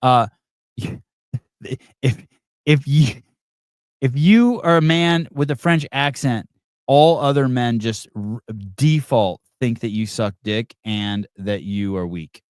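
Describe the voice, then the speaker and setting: A middle-aged man hosts a live call-in podcast, ranting bluntly and profanely and restarting his rambling thoughts. His mid-range voice moves slowly with a clean tone, captured in a dry, studio-quality recording.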